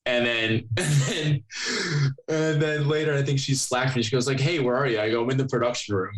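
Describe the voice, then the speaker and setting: A man's voice: mid-range voice, steady tone, normal speed, rough recording. A young man hosting a podcast, chatting casually and telling rambling stories, swearing freely. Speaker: podcast host. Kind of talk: casual chat.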